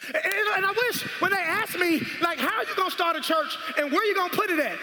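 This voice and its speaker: Male pastor, very high pitch, full-throated sermon shouting, echoey hall with audible room noise. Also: animated, quick pace. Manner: shouting, call-and-response preaching. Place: large church hall.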